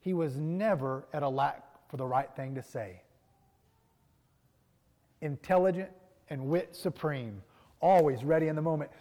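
A man's voice: fairly high pitch, a little slow, long pauses, mellow. Preaching man in a reverberant hall. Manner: earnest preaching, rising and falling in force, repeating key lines. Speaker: pastor. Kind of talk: sermon.

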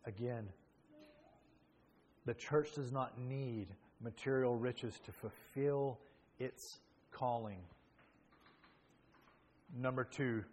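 A man's voice: mid-range voice, a little mellow. A male pastor preaching a sermon with earnest, emphatic delivery that rises in bursts.

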